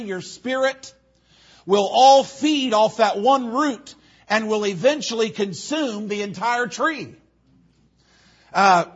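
A man's voice: high voice, husky, muffled recording. A man preaching a sermon, rambling into stories and repeating his phrases for emphasis.

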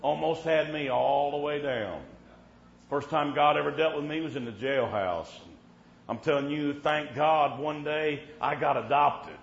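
A man's voice: on the high side, measured pace, vocal fry. A man preaching a folksy storytelling sermon at a revival meeting in a church, dropping in "Amen" often. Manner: folksy, punctuates with "Amen", preaches with rising fervor. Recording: roomy, dull church recording.

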